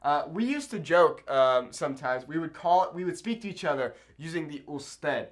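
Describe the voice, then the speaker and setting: A man's voice: on the high side, lively intonation, normal speed. A man teaching a Spanish lesson at a whiteboard, explaining patiently and checking in with "okay?" after each point. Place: room with a whiteboard.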